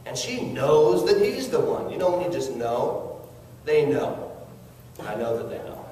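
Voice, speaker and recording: A man's voice: fairly high pitch, very animated, a little slow, background noise. Earnest man in an echoey hall. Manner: earnest, coaxing, asks the audience questions. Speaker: network marketing speaker. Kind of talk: motivational business talk. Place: large hall with an audience. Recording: echoey hall recorded from far off.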